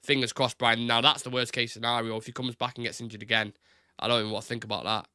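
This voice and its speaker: A young man hosts a relaxed live football stream and talks in loose, stop-start phrases that often double back on themselves. His voice has a sharp, forward edge. The sound is close and dry, with no room tail. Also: mid-range voice, fast talker, clean tone, no room sound. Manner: chatty, repeats words, says "innit", reads chat aloud.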